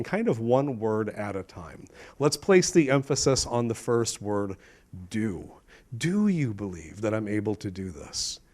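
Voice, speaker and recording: Middle-aged man, pastor, emphatic sermon delivery, lively pitch swings, church setting. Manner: emphatic, asks the congregation questions, shifts between loud and hushed. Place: church sanctuary.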